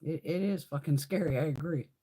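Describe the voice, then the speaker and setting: A middle-aged woman hosting a casual live chat, telling stories in a profane, animated way and laughing often. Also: low voice, fairly quick, husky. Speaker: livestream host.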